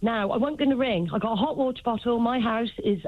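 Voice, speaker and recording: A woman in her fifties calling in to a radio show, crying and pleading as she talks fast. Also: fairly high pitch, dry recording, phone-quality sound. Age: 50s. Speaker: caller. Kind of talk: emotional phone-in call.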